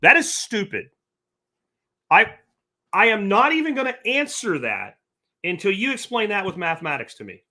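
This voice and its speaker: A man's voice: high-pitched, sing-song, normal speed, sharp tone. A man hosting a livestream podcast, reading chat comments aloud and answering them in a blunt, profane rant. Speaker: podcast host.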